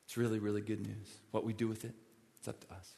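Man, pastor, sermon, emphatic, repeats himself, gravelly, long hall reverb. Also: lowish voice, flat delivery, quick pace, dark tone. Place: church sanctuary.

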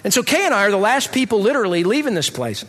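A middle-aged man giving a personal testimony in an animated, comic storytelling manner. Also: high voice, fast talker. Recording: reverberant hall.

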